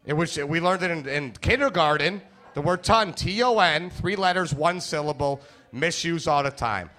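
Brash, bright-voiced stand-up comedian. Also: male voice, on the high side, normal speed. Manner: brash, crude, playful crowd work.

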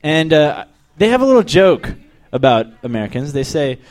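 A young man from Texas works through a crude, deadpan stand-up set, with frequent restarts and stumbles. His voice sits a bit high and swings widely in pitch. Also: normal speed. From El Paso, Texas. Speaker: stand-up comedian. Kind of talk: stand-up set and casual interview.

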